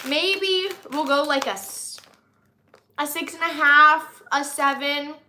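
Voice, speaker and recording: Bright, high-voiced chatty American woman. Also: fairly even intonation, unhurried, a little hiss or hum. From United States. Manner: rambling, chatty, with many likes and ums. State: slightly nasal from recent illness. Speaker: vlogger tasting snacks. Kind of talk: casual chat to camera.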